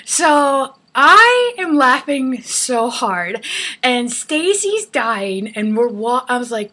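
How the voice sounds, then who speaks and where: A young adult woman telling a story from her own life in a casual vlog, animated and often laughing. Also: high-pitched, takes it slowly. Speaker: hairstylist telling a travel story.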